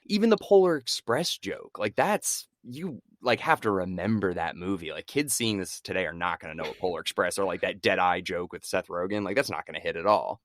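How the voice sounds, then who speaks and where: A man co-hosting a casual movie-review podcast, animated and quick to laugh, tossing in quoted lines. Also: low-pitched, no echo, studio quality. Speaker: podcast co-host.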